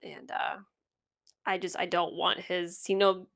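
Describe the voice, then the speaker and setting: A woman's voice: lowish voice, level tone, a little slow, creaky. Frank woman in her thirties co-hosting. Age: 30s. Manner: frank, swears casually, thoughtful asides. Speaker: podcast co-host. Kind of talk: casual chat.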